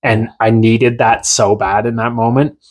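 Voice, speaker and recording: A man from Newfoundland, a podcast guest, telling a long story in a casual, animated and rambling way with many restarts. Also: mid-range voice, measured pace.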